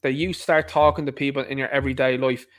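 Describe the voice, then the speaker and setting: An Irish-accented man, an online commentator, delivers an opinionated monologue at a fast clip, repeating himself emphatically and firing off rhetorical questions. His voice is medium-pitched, steady, and fairly bright.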